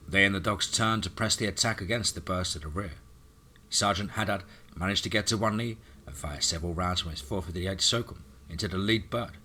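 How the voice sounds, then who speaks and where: A man's voice: deep voice, pushed and bright, a little hiss or hum. A man narrating a scripted action horror story in a dramatic reading.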